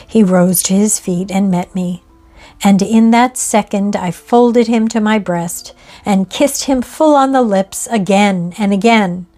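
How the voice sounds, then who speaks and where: A woman's voice: medium pitch, soft background music. Woman narrating a ghost story. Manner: measured, expressive reading.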